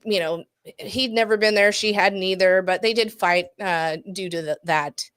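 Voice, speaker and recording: A woman's voice: medium pitch, moderate pace, fairly bright tone, smooth, no room sound. A woman on a casual podcast, rambling through a story with lots of ums and little laughs. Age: adult parent.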